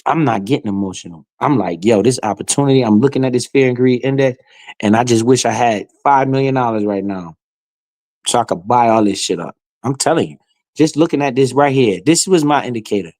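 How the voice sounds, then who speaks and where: A man's voice: medium pitch, brisk, a little mellow, no echo. A man streaming live, giving casual, slangy commentary with swearing and often speaking straight to his chat.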